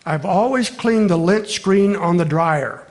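A man's voice: high-pitched, measured pace. A man voicing a humble little male mouse from a comic strip, asking earnest, pleading questions in a near-everyday voice.

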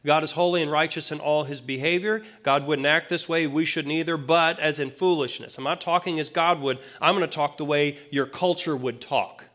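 A man's voice: a little high, a little fast, hardly any pauses, fairly bright tone. A man preaching a sermon in a plain-spoken, conversational way, with casual asides to the congregation. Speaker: pastor.

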